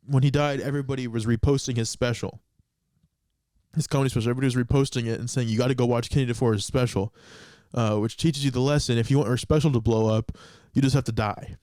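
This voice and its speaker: Young guy rattling off a story super fast, mid pitch, dry close mic, podcast cohost. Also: dry recording. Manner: rapid, animated retelling with laughs. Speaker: podcast co-host. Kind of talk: casual storytelling chat.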